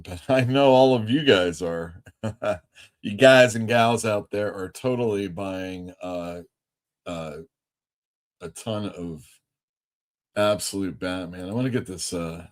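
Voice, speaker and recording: A comic shop owner hosting a casual livestream, rambling through anecdotes with many fillers. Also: male voice, deep voice. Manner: rambling, lots of fillers, laughs easily.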